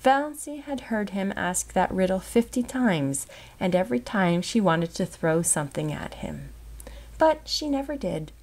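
Woman reading an old novel out loud, calm, measured, dips into whispers sometimes, mid pitch. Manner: measured, expressive reading with soft whispered moments. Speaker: audiobook narrator. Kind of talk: scripted narration.

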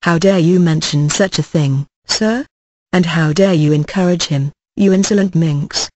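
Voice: medium pitch, unhurried, a little mellow, dry recording, close to an everyday voice. A reader voicing a pompous, stern middle-aged male parish beadle who blusters with indignation. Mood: outraged.

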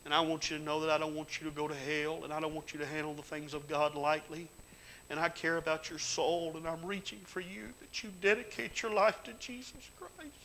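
A middle-aged man preaching a sermon in a church. He tells folksy stories in plain grammar and builds to loud, fervent exhortation. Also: fairly high pitch, level tone, brisk, slight background noise, rough recording. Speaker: pastor. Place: church sanctuary.

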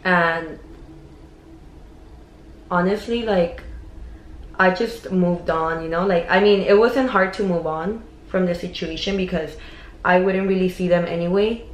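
A woman's voice: fairly low pitch, steady tone, a little slow, long pauses, roomy sound, low-quality recording. A young woman, chatting casually and gossiping while she does her makeup, slipping Spanish words into her story. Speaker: beauty vlogger.

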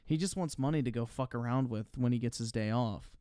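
Sarcastic, smooth-voiced male streamer. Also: medium pitch, brisk, mellow, no echo, studio quality. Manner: mocking, sarcastic, profane. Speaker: streamer reacting to clips. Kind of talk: casual livestream commentary.

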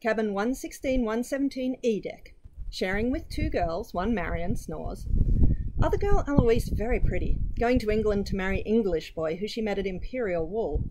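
A woman reads a short story aloud, voicing its terse diary entries with lively expression. Her voice sits at an ordinary middle pitch. A clear hiss and occasional clicks run under the recording. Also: moderate pace. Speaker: reader.

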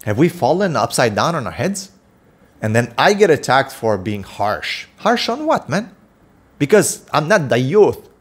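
A man's voice: medium pitch, sing-song, a little slow, husky. A man giving an impassioned preaching monologue as an Islamic preacher, scolding his listeners and firing off rhetorical questions.

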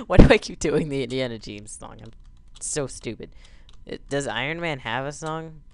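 A man's voice: mid-range voice, moderate pace, darkish tone, dry recording. A man doing goofy gameplay commentary, yelping and joking whenever his character crashes. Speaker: let's play gamer.

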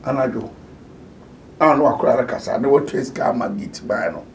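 A man's voice: mid-range voice, lively intonation, quick pace. A man hosting a casual chat, telling stories animatedly and mixing Twi and English. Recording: distant mic with faint noise.

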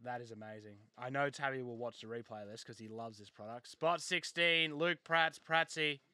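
A man hosting a live trading card break, excitably calling out each card and joking with a co-host. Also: mid-range voice, moderate pace, dry recording, studio quality. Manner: excitable, banters and jokes while calling out pulled cards. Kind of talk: live case break commentary.

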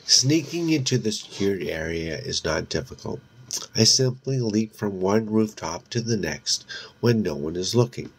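A man narrating a novel aloud in a very deep voice. He reads slowly and steadily, taking his time over each phrase, now and then stumbling on a word and correcting himself. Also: breathy edge. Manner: measured, steady reading with occasional slips. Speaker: audiobook narrator.

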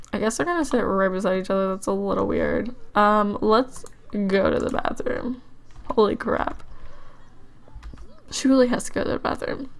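Woman doing a chill let's play, kinda high voice w/ lots of vocal fry, rambly and chatty. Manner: chatty, musing aloud with frequent ums and likes. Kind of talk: casual gameplay commentary.

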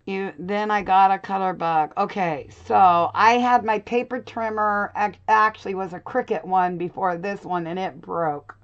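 A woman's voice: medium pitch, fairly even intonation, unhurried, few pauses, muffled recording. Chatty middle-aged woman in craft room. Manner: chatty, laughs often, talks to viewers by name. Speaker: craft channel host. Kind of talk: casual chat with live viewers.

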